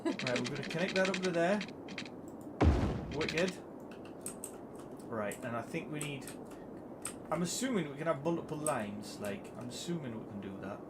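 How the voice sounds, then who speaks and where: A man's voice: on the high side, animated, moderate pace, long pauses, heavy background noise. A man with a Geordie accent giving live commentary as he plays a city-building game, swearing constantly and sounding exasperated. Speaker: game streamer.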